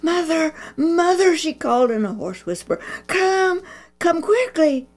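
A woman's voice: a little high, lively intonation, normal speed, voice pushed up. A woman doing a timid young girl. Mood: urgent.

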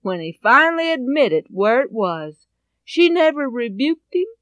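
A woman telling a Bible story in an expressive way, swinging between loud and hushed. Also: on the high side, a little slow, dry recording.

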